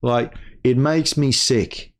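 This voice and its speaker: A man's voice: medium pitch, fairly even intonation, takes it slowly. A young man hosting a gaming channel, delivering an angry personal rant full of swearing, stammered restarts and repeated words.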